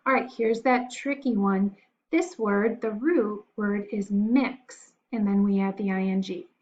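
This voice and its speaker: A woman teacher walks young children through their spelling words, sounding out each one letter by letter in a patient, encouraging way. She speaks at an unhurried pace, and the recording has a dull, lo-fi sound. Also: mid-range voice, a little mellow.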